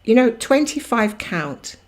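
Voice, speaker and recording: A woman's voice: a little high, sing-song, slow pace. A woman hosting a cross-stitch livestream, chatting casually and rambling while she greets viewers by name and laughs often.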